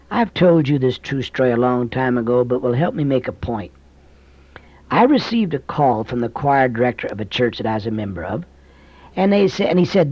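A male preacher delivering a sermon with a husky voice and a lively, swooping pitch. He blends folksy stories with emphatic scripture reading. The recording is dry and slightly dull. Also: dry recording.

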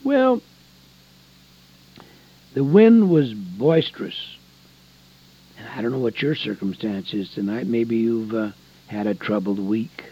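A man preaching a folksy sermon, dropping to soft low asides and rising to emphatic points. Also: breathy edge, dry recording. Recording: dull lo-fi recording.

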